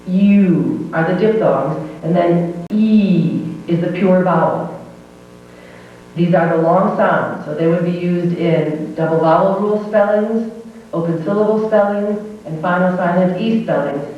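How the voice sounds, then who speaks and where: A woman teaching pronunciation who slowly models each vowel sound and patiently explains how the lips and jaw move. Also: fairly low pitch. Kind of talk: slow demonstrative pronunciation lesson. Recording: old VHS tape, distant roomy echo, dull with faint hum.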